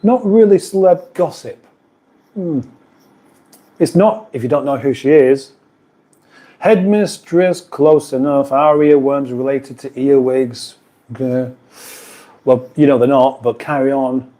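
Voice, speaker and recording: A man's voice: medium pitch, slow pace, pauses often, dark tone. A British man hosting a casual live stream from a kitchen, chatting in a rambling way and reading out viewer comments. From United Kingdom.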